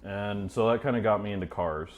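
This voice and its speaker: A man with a fairly low voice talks about himself as a guest on a casual garage podcast. He answers in a relaxed, plain way, with a few fillers along the way. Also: fairly quick, phone-quality sound. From Idaho. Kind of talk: casual interview.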